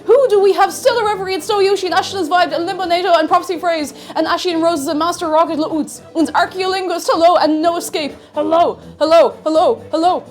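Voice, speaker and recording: A woman streaming live, chatting casually and bubbly, loudly greeting her chat and chanting playfully. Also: very high-pitched, steady tone, fast talker, few pauses.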